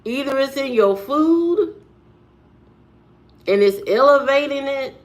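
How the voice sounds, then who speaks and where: A woman's voice: high-pitched, lively intonation, slow. A woman vlogger giving a blunt, preachy monologue and firing off rhetorical questions. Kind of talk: preachy straight-to-camera monologue.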